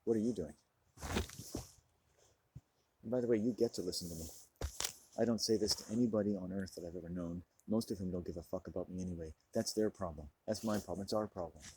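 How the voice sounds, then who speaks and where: A man's voice: low voice, quick pace, mellow, slight background noise, poor audio. A man delivering a profane, preaching monologue to his camera, smoking and drinking as he talks. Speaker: vlogger.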